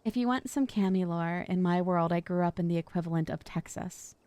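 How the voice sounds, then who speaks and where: A woman's voice: on the low side, fairly quick, dark tone, clean tone, no room sound. A woman streamer chatting casually and playfully while reading through a game, sometimes whining in mock pleading. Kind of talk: casual livestream chat while reading a visual novel.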